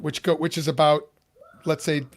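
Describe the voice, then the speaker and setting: With a fairly high pitch and little movement in it, this man from Chicago speaks at a normal speed. He hosts a casual podcast interview, rambling and frequently restarting or using fillers.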